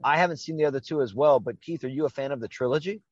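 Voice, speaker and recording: A man hosting a podcast, bantering casually with profane jokes in quick bursts. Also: mid-range voice, a little mellow, highs cut off. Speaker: podcast host.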